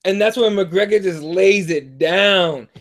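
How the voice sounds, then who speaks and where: A man's voice: high-pitched, takes it slowly. A man hosting a casual fight-talk show, retelling events in a laid-back way and reading viewer comments. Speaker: podcast host.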